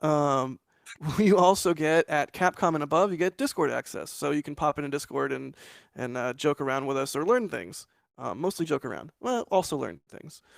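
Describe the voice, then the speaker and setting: Upbeat gravelly man co-hosting. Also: on the high side, dry recording, clean studio sound. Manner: upbeat, laughs often, many fillers. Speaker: co-host. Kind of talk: casual live show chat.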